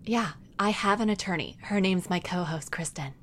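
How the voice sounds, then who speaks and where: A young woman with a fairly low, slightly bright voice co-hosts a podcast at a moderate pace, and a little hiss or hum sits in the audio. Her casual chat rambles, packed with fillers and frequent laughter.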